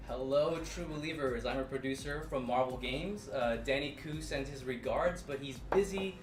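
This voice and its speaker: Male producer guest, jokey, roomy distant sound, music clearly behind. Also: medium pitch, normal speed. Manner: jokey, gives character backstory. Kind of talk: livestream chat.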